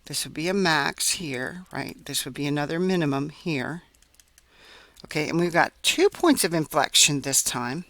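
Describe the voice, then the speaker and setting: A man's voice: fairly high pitch, expressive, normal speed, a bit bright, dry recording. A man teaching a recorded math lesson, explaining step by step as he works on a graph and checking in often with "right?" and "okay?".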